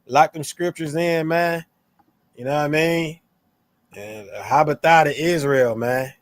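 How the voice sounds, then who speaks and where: Slangy dude, higher voice, animated scripture chat, dry close mic. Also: male voice, unhurried, no echo. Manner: animated, slangy, playful tones when quoting. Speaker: co-host of a scripture show. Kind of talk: casual religious discussion.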